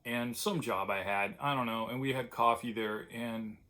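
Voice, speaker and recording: A man's voice: mid-range voice, steady tone, normal speed, pushed and bright. An older man from California, the host of his own vlog, reminiscing in a loose, rambling way, with lots of fillers and restarts and a wistful tenderness when his memories turn to old friends. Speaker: vlogger. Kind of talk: casual reminiscing monologue.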